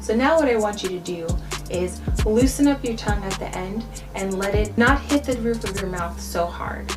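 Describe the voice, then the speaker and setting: A woman's voice: mid-range voice, lively intonation. Woman, vlog language teacher, patient and repetitive, mic set back, music bed audible. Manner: patient, repeats words slowly for practice. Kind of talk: travel vlog language lesson. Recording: distant mic with background music.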